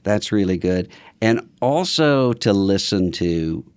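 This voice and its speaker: Older guy guest on a podcast, really low voice, dry close sound, slow thoughtful storytelling. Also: lively intonation, a little mellow, clear, resonant tone, no echo. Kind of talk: casual conversation.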